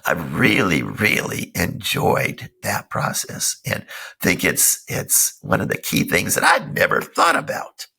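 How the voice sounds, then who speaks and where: A middle-aged man hosting a self-help podcast, talking casually and earnestly while hoarse from a cold. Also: deep voice, huge pitch swings, slow, sharp tone. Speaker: podcast host. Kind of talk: casual solo podcast talk.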